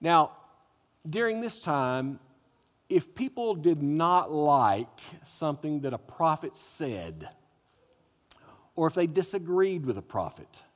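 A man's voice: fairly high pitch, big pitch swings, takes it slowly, long pauses. A man preaching a sermon, retelling a scripture story dramatically with wry humorous asides. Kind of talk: expository sermon. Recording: echoey hall.

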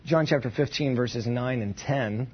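A man's voice: mid-range voice, measured pace, muffled recording, slight background noise. A man giving an informal Bible lesson, thinking aloud with asides and restarts. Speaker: Bible teacher. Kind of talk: conversational Bible teaching.

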